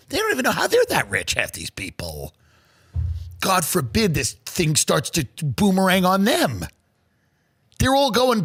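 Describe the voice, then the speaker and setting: A male comedian on a podcast, ranting with sarcasm and profanity. His voice sits fairly high with a bright, sharp edge. His pitch swings widely as he rants. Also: huge pitch swings, a little slow, breathy edge. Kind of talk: comedic rant.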